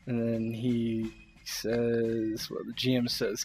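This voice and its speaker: A man narrating a tabletop game as game master, in a relaxed, loose way. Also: medium pitch, slow, slight background noise.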